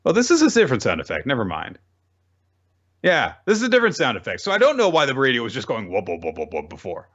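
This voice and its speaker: A man co-hosting a casual manga recap podcast, telling the story with lively retellings of the characters' lines. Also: medium pitch, quick pace, dull audio. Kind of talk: casual chapter recap chat.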